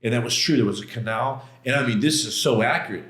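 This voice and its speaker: Middle-aged male podcast guest, intense and emotional storyteller, slangy, mid pitch, echoey room. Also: quick pace, fairly bright tone. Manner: intense, emotional retelling with many quoted exchanges and restarts; casual slangy phrasing. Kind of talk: personal storytelling in a podcast interview. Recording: roomy echo.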